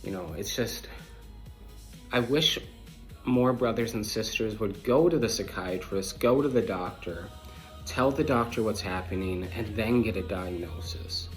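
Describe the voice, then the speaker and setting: A man's voice: fairly low pitch, unhurried, soft background music. A man hosting a podcast, talking bluntly and repetitively in a scattered, manic way, jumping from thought to thought. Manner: repetitive, emphatic, jumps between thoughts; blunt and preachy toward listeners. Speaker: podcast host. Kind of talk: casual monologue to viewers.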